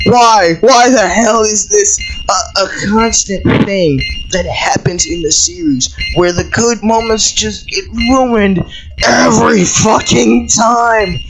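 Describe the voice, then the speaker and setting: A video commentator ranting through a show review, breaking into yelled outbursts, stammering repeats and frequent swearing. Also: mid-range voice, slow, few pauses, background noise. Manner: profane and exasperated.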